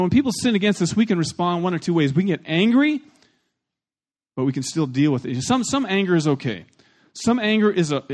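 A middle-aged male pastor preaching a sermon, telling a story with lively ups and downs and repeating words as he gets stirred up. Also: fairly high pitch.

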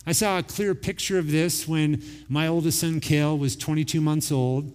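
A pastor in his forties preaches with a fairly high voice. He tells family stories with humor and energy. The sound rings with the long reverb of a church hall. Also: normal speed, clean tone. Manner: lively storytelling with humor. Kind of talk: sermon.

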